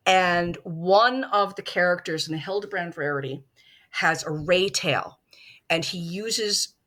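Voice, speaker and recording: A woman making her case as prosecutor in a mock film trial, talking animatedly in quick bursts with restarts. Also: fairly low pitch, fairly bright tone. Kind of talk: casual podcast debate.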